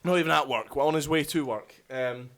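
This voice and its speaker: A man's voice: fairly high pitch, a little fast, fairly bright tone. A young Scottish man co-hosting a radio chat show, telling stories with dry, teasing banter. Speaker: radio co-host. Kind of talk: casual chat.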